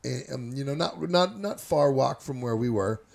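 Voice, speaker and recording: A man's voice: medium pitch, animated, moderate pace, gravelly. A man from Northern California telling a loose, rambling, profane story in a casual chat. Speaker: storyteller guest.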